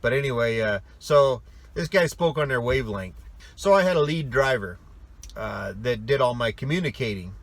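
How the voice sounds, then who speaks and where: A man's voice: mid-range voice, lively intonation, moderate pace, dry recording. A middle-aged man, a former trucking company owner, telling a rambling, digressive story in a casual, chatty way.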